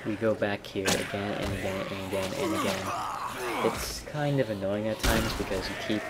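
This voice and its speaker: Low-voiced man explaining a video game. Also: moderate pace, very noisy. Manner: relaxed and explanatory, wry asides. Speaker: let's play commentator. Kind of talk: casual gameplay commentary. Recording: game audio with gunfire mixed under voice. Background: clear game sounds and gunfire.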